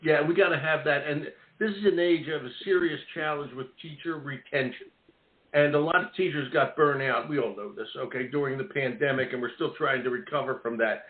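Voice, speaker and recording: A man's voice: a little high, brisk. Chatty man hosting talk radio over a tinny line. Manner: chatty, rambling, repeats and restarts words. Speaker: radio show host. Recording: tinny phone-like line with roomy echo.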